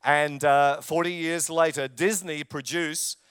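An older English-born man preaching with a smooth, clear voice pitched a little high. He tells jokes and personal stories to his congregation, and his voice sounds close and dry. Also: steady tone, slow pace, fairly bright tone, no echo. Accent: English, lives in Australia. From England. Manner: humorous storytelling, jokes with audience. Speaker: pastor. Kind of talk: sermon with personal anecdotes.

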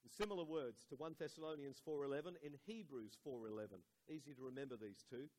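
A man preaching a sermon, dropping to a soft hush on key words and lifting his voice and slowing for emphasis. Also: medium pitch, rough recording. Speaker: pastor.

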